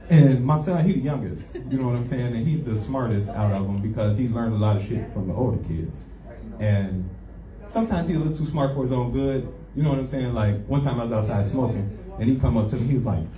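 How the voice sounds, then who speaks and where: A man's voice: medium pitch, lively intonation, fairly quick, recorded from a distance. A man doing a stand-up comedy set on a club stage, telling loose, profane stories with lots of filler while a live audience laughs along. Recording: roomy live club recording with crowd. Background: audience laughing and clapping.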